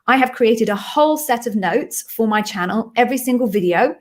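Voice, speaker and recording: A woman's voice: fairly high pitch, lively intonation. Chatty woman hosting a live Q&A. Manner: chatty, quick, self-amused asides. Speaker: host and interview coach. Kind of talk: live Q&A stream. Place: echoey home office being redecorated.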